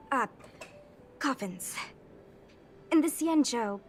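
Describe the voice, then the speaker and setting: An actress playing a frank, slightly naive young woman soldier who speaks bluntly and gets a little flustered, in a game cutscene. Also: a little high. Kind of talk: video game cutscene dialogue.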